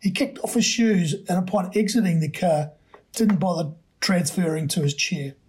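A man, a podcast host, reading a short story aloud in a measured, expressive way. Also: sits high, slight background noise.

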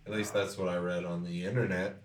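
A man's voice: low voice, level tone, fast, heavy background noise. A man co-hosting a podcast, joking and laughing often in casual chat. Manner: jokey, laughs a lot. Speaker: podcast co-host. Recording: echoey room, distant mic.

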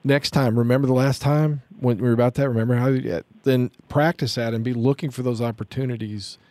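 A man's voice: medium pitch, fairly even intonation, a little fast, darkish tone, dry recording. A man giving practical, coaching-style parenting advice in a casual chat, then passing the turn to others.

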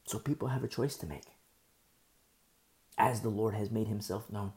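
Teaching a Bible study in a sermon-style yet conversational manner, this male pastor speaks with a fairly low pitch and a gravelly rasp. A sore throat has him alternating between slow, gentle speech and strong emphasis, though his tone stays relaxed.

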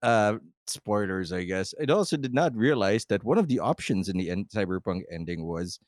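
A man co-hosting a casual podcast, his pitch lively and swinging wide as he jokes. He laughs a lot, swears freely and slips into quick impressions of the people he quotes. The sound is dry and close, with no room around him. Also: no room sound. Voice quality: swearing, laughing, mimics lines in quoted voices. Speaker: podcast co-host. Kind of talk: casual chat.

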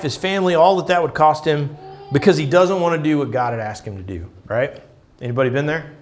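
A man giving a conversational Bible-teaching sermon, thinking aloud with restarts and often asking his listeners "right?". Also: on the high side. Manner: restarts and repeats words while thinking aloud.

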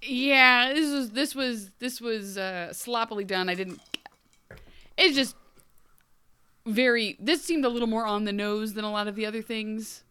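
A woman's voice: fairly high pitch, unhurried, bright, forceful tone, smooth. A woman in her late thirties, co-hosting a casual book club chat, rambling and laughing often. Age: 30s. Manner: rambling, laughs often, puts on voices for quotes. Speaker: podcast co-host.

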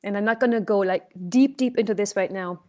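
Woman, speech coach, casual teaching talk, expressive, mid-pitched voice. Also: brisk. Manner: expressive storyteller, shifts loudness to illustrate points.

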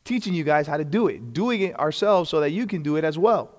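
A man with a fairly high, a little mellow voice and lively intonation teaches a church class conversationally and a bit fast, repeatedly questioning the room and chuckling between points. Long reverb makes it sound like a large hall.

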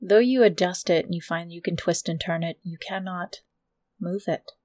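A woman narrating a tabletop game as game master in a slow, low-key descriptive way. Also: darkish tone, dry recording.

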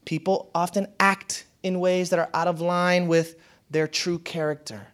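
Speaking to an audience, a man gives a casual, conversational motivational talk at a measured pace. He laughs often, and his voice moves between quiet, low passages and bright, excited highs.

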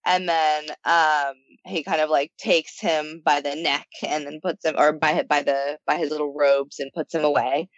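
A woman's voice: low voice, steady tone, moderate pace, few pauses, dry recording. A woman chatting casually, rambling eagerly as she explains. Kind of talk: casual chat. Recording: dull, dry sound.

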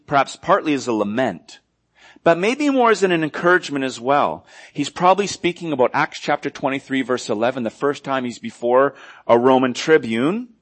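A male pastor preaching a sermon earnestly, moving between loud emphasis and hushed, quiet passages. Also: mid-range voice.

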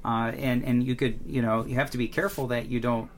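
A man's voice: mid-range voice, flat delivery, brisk. Earnest male Bible podcast co-host. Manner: earnest, explanatory, frequent restarts. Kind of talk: casual Bible study podcast chat.

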